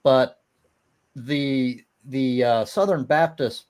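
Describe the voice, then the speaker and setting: A man's voice: medium pitch, slow, darkish tone, clear, resonant tone. A man talking casually in a live-stream debate, hesitant and full of restarts, defending his view with a dry laugh now and then. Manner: hesitant, many restarts and fillers, laughs at the idea of souls.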